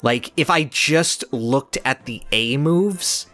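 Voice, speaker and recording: A man's voice: medium pitch, slow pace, fairly bright tone, faint music behind. A man co-hosting a casual podcast, giving passionate, analytical opinions in long, flowing runs. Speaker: podcast co-host. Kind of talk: casual game discussion.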